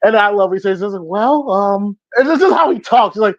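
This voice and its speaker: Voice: mid-range voice, lively intonation, normal speed, no echo. A podcast host reviewing a film in casual chat, laughing often and acting out lines from the movie. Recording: dull, dry lo-fi sound.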